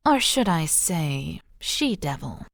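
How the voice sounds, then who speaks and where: A woman's voice: deep voice, big pitch swings, no echo, studio quality, full character voice. Cruel storybook sorceress who savors every mocking word, a woman reading her. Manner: slow, mocking, drawn-out delivery.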